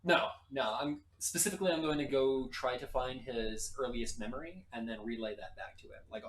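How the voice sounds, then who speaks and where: A player in a tabletop game, talking in an animated way and laughing often. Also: medium pitch, fairly quick, slight background noise. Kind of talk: tabletop play. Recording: roomy echo, distant from mic, music behind. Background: music.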